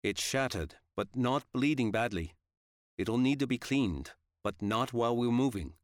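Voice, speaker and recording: A man voicing a calm male veterinarian giving measured medical instructions, in audiobook narration. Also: medium pitch, no room sound, clean studio sound, pitched above the performer's own voice, close to an everyday voice. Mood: clinical. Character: calm older male vet treating a wound. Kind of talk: audiobook character voice.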